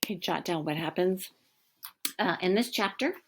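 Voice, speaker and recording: A woman's voice: on the low side, moderate pace, background noise. A woman teacher who reads a novel aloud, then recaps the chapter for students in a casual, chatty way with many ums.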